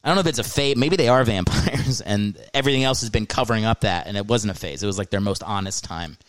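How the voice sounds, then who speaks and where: A man's voice: fairly low pitch, fast, no room sound. A man hosting his own comedy podcast, rambling through jokes with lots of swearing and laughing at his own bits. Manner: rambling, profane, jokey, breaks into mocking voices. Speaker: podcast host.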